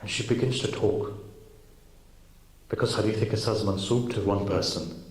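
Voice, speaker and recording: A man's voice: on the low side, moderate pace. A man preaching at a gathering, telling a story in an earnest way and speaking straight to the audience. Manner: earnest, addresses the audience directly. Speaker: preacher at a majlis. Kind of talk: sermon storytelling. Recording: roomy hall recording with faint noise.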